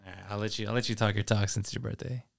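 Podcast co-host, young man, low gravelly voice, talks fast and rambles. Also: steady tone. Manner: fast, rambling, full of filler likes and swearing. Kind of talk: casual chat.

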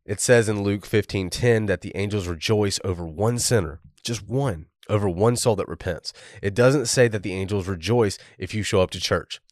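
A man's voice: on the low side, normal speed, few pauses, no echo, studio quality. A man hosting a Christian podcast, delivering an earnest, exhorting monologue and sometimes spelling out words for emphasis. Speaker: podcast host.

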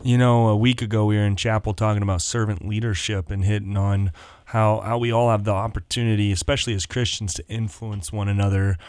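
A man's voice: on the low side, flat delivery, fairly quick, darkish tone, dry recording. A man co-hosting as a pastor in casual chat, encouraging and responsive. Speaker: pastor, co-host. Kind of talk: casual talk show chat.

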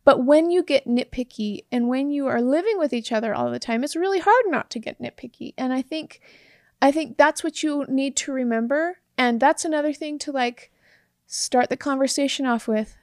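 High-voiced woman, chatty and earnest. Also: moderate pace, a little mellow, dry recording, studio quality. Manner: earnest, chatty, laughs often. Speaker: co-host, married partner. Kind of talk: casual relationship advice chat.

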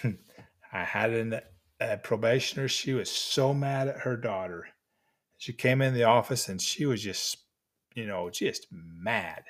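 An older man giving gentle, encouraging life lessons to mentees at an unhurried pace with pauses. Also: medium pitch. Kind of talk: motivational talk to mentees.

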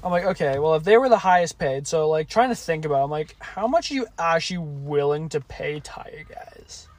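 A man co-hosting a casual podcast, spinning a long profane story from work. His voice sits high for a man and the sound is dry and close, with no room around it. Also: expressive, fairly quick, no echo. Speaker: podcast co-host.

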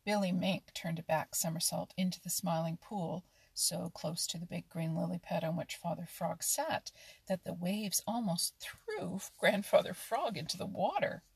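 A woman reading a children's animal story aloud in a calm, steady way. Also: fairly low pitch, moderate pace, creaky, husky, no echo. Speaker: narrator.

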